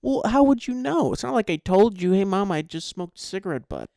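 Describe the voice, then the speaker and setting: A young man co-hosting a podcast with his mother, calm and playfully argumentative in casual chat, laughing often. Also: high voice, fairly quick, creaky, no echo, studio quality. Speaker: podcast co-host.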